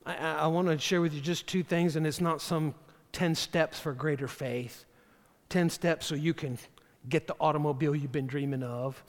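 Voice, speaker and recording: A man preaching a sermon as pastor, animated and acting out the voices of the figures he quotes. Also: a little high, normal speed. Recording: long hall reverb.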